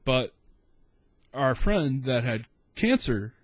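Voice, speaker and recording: A man's voice: medium pitch, very animated, slow pace, no room sound. A man in his thirties with a South Texas accent, telling a rambling, profane story in casual story time.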